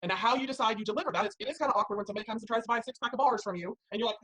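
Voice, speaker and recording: Upbeat sales lady pitching her team, talks fast, bit husky. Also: fairly bright tone, poor audio. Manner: upbeat, persuasive. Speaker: direct sales seller. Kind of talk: motivational sales talk.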